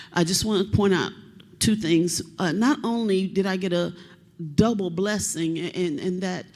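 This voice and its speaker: A woman's voice: lowish voice, darkish tone. Tearful chatty woman from Kentucky. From Kentucky, USA. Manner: chatty and rambling, self-described talker. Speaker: family member of a missing soldier. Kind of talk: audience remarks at a public meeting.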